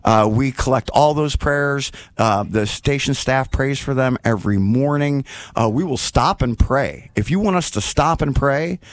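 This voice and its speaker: A man hosting a live radio fundraiser, chatty and excitable, filling his talk with ums and asides, speaking into a studio microphone. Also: medium pitch, a little slow, no echo. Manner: excitable, chatty, many fillers. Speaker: radio host.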